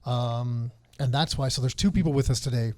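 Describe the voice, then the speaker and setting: A man's voice: mid-range voice, a little fast, a little mellow, no echo, clean studio sound. A man in his forties co-hosting a podcast in casual chat, rambling and self-deprecating and often laughing. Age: 40s. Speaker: podcast co-host.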